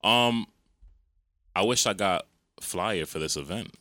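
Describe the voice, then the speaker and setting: A man's voice: low voice, takes it slowly. A man co-hosting a casual podcast chat, telling stories in slang and acting out what people said. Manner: animated storytelling, slangy, acts out quotes. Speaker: podcast co-host.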